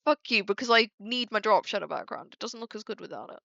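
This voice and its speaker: Talking to chat during a casual stream, this young woman sounds exasperated and curses often. Her medium-pitched voice is gravelly and sharp, animated and fast, captured by a dull lo-fi mic with no room sound.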